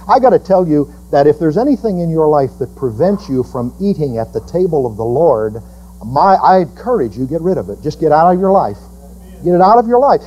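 A man's voice: sing-song, normal speed, dark tone, slightly rough, poor audio. A male pastor preaching a sermon, quoting his listeners in mock voices and building to emphatic rebukes. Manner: preaching with sweeping pitch swings, quoting congregants in put-on voices.

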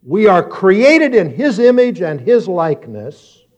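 A man preaching a sermon, moving from quiet, reflective explanation to loud, emphatic scripture reading and questions to his congregation. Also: high-pitched, sing-song, unhurried. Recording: dull lo-fi sound.

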